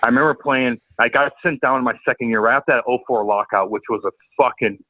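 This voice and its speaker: A man telling a profane, animated story as a podcast guest. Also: mid-range voice, fast, no room sound, phone-quality sound. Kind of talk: casual storytelling.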